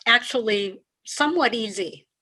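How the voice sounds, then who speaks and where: A woman executive coach, a podcast guest, explaining ideas in a measured way and repeating key phrases. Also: a little high, lively intonation, bright, forceful tone. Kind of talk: conversational interview.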